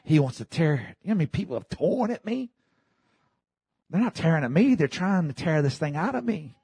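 Preacher, male, husky, call-and-response sermon, close dry sound. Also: sing-song, fairly quick, no room sound. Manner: swings from low murmurs to shouted peaks, call-and-response with the congregation. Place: church.

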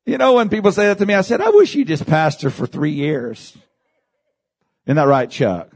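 A male pastor preaches to his congregation in a fairly high voice that leaps and falls with real animation. He builds to shouted peaks and keeps calling for amens from the room. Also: lively intonation, moderate pace, breathy edge. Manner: preaching with big swings in pitch, shouting at peaks; addresses congregation with calls of amen. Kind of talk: sermon.

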